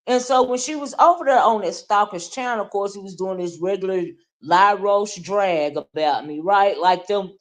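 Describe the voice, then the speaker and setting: A woman's voice: mid-range voice, moderate pace, few pauses, faint music behind. A woman hosting a livestream, ranting casually and talking straight to her viewers, often checking in with "right?" and "okay?". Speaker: livestream host. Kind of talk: casual livestream rant, reading chat.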